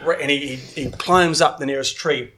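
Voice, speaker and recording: A man's voice: on the high side, normal speed, pushed and bright, a little hiss or hum. A man narrating a tabletop game as game master, rambling with many fillers.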